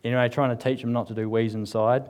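A man's voice: medium pitch, level tone, fast talker, a little mellow. A man giving a casual, humorous sermon to a live congregation. He talks in a chatty, joking way, full of fillers, and reads passages aloud. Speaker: church speaker. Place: church service with live congregation.

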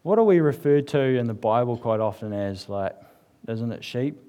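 A New man preaches at a church service in a loose, conversational way, joking with the congregation and sprinkling his talk with fillers. His voice sits at an ordinary middle pitch. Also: lively intonation, moderate pace, mellow. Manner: chatty and joking, with frequent fillers. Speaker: church speaker. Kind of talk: casual humorous sermon.

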